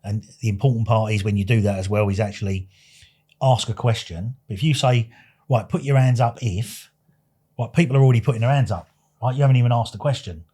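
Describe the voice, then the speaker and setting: A man's voice: lowish voice, fast, breathy edge. A man in casual podcast chat, telling stories animatedly and acting out dialogue. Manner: animated, acts out dialogue, swears. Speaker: podcast guest.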